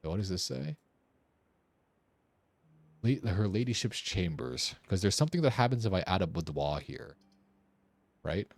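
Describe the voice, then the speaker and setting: A man's voice: lowish voice, expressive, unhurried, gravelly, long pauses, no room sound. A young man streaming a puzzle game, thinking aloud as he works through its clues. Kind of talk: casual gameplay commentary.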